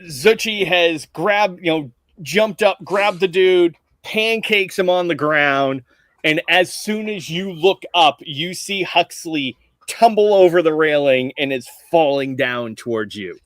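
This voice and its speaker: A man's voice: a little high, slow pace, fairly bright tone, dry recording. A man narrating as game master in a casual, descriptive way, laughing often, heard over a video call.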